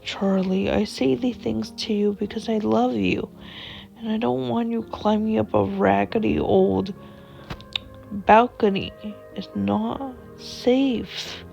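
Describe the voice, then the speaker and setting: A woman voicing a loving father who talks in a soft, slow, soothing way. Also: medium pitch, steady tone, gravelly, lo-fi sound, faint music behind. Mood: firm. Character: protective, loving father, gentle and firm.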